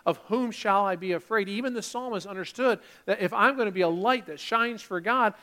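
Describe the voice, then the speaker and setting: High-pitched guy preaching a sermon, pastor style, punches his points and does little impressions of church folks. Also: fairly quick, pushed and bright, big-room sound. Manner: preaching with rising emphasis and brief mimicked churchgoer asides.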